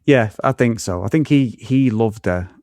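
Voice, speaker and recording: A man's voice: medium pitch, moderate pace, a little mellow, no echo. A man, chatting bluntly about a film as podcast co-host, with tag questions and swearing. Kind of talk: casual film review chat.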